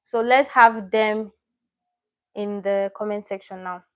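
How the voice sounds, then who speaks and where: A woman's voice: mid-range voice, steady tone, slow pace. A woman teaching a live online lesson in a chatty way, often repeating herself and correcting her own slips as she reads out viewers' names and comments.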